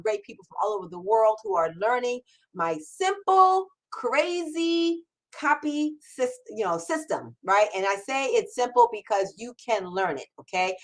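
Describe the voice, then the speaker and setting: A middle-aged woman hosting a live-streamed Q&A, energetic and enthusiastic, repeating words for emphasis. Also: a little high, poor audio. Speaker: host. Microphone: camera mic on a livestream.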